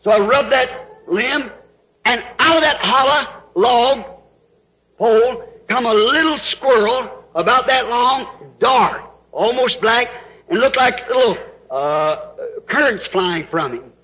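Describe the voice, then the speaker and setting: A man's voice: extremely high pitch, slow pace, sharp tone. An older man preaching a sermon, telling his story in a folksy way that rises into emotional outbursts. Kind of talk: sermon testimony. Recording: dull lo-fi sound.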